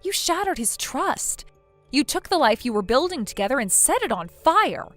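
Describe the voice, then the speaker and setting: A woman's voice: sits high, sing-song, normal speed, fairly bright tone, faint music behind. A woman voicing a blunt young female friend in a text-message story, lecturing firmly. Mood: scolding. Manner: firm, lecturing.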